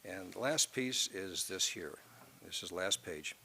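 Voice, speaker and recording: A man's voice: low voice, lively intonation, a little slow, creaky, sharp tone, slight background noise. A male law professor giving a lecture to a room, reading from a court opinion and breaking off into asides full of hesitations and restarts.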